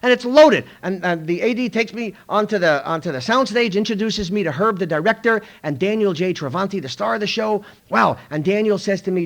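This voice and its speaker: A middle-aged man with a fairly high voice tells a story at a recovery meeting in a school room. His delivery is animated, and he jumps in and out of other people's lines as he acts them out for the crowd. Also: fast talker, few pauses. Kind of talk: storytelling talk to a live audience.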